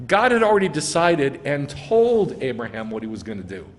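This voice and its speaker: A man's voice: on the high side, wildly swooping pitch, moderate pace, long reverb tail. A man preaching as a rabbi, reading scripture aloud and arguing its meaning, rising to emphasize key lines. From United States. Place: synagogue sanctuary.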